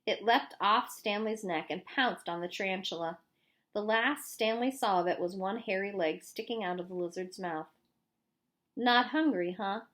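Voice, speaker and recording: A woman reading a novel aloud in a clear, steady storytelling manner. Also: medium pitch, moderate pace. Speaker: audiobook reader.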